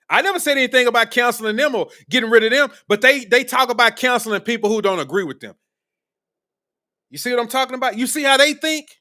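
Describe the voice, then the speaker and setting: Fired-up guy streaming political rants, cussing a lot, high bright voice. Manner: blunt, profane, combative. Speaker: streamer host. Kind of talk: live political commentary.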